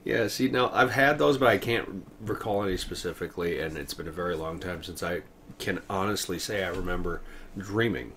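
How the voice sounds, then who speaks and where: Man, podcast host, lower voice, short dry questions, faint hiss. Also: a little fast. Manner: relaxed interviewer, short prompts and dry quips. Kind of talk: casual chat.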